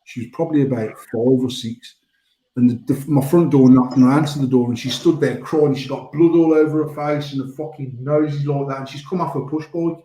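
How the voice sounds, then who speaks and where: A man's voice: mid-range voice, steady tone, fairly quick, warm tone. Swearing British man, roomy echo. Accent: British English. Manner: rambling storytelling, frequent swearing. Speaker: podcast host. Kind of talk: casual banter, swearing freely.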